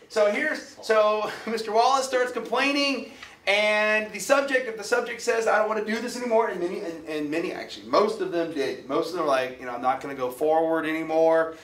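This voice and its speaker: A man's voice: high-pitched, a little hiss or hum. A man giving a chatty, jokey classroom lecture and asking his class questions. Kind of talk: classroom lecture with student discussion. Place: lecture hall. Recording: echoey lecture hall from far off.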